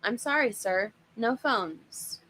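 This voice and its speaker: A gruff, low-voiced monster at a theme park gate, smooth and unsettlingly polite, as a woman narrator puts him on. He speaks slowly and evenly, promising to take care of everything. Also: expressive, pushed and bright, slight background noise, heavily acted, rough recording.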